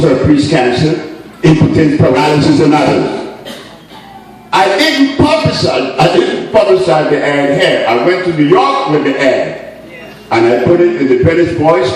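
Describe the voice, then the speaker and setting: Man lecturer, storytelling talk, pitch leaping around, distant mic in a roomy hall. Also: a little hiss or hum. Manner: animated storyteller, laughing, playful emphasis.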